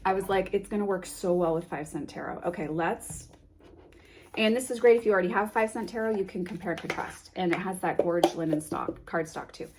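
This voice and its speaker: Woman, lower pitch, emotional and gushing, casual vlog delivery with a faint hiss behind. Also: a little fast. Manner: gushing, emotional, reads card names softly. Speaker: tarot vlogger.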